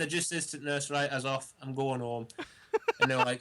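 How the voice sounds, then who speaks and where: A young man with a northern English accent tells a story on a casual call-in comedy show. His voice is bright and clear, and it jumps into loud, animated mock voices when he quotes people. He talks at an easy middle pitch with lots of swagger. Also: brisk, slight background noise. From northern England. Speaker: caller.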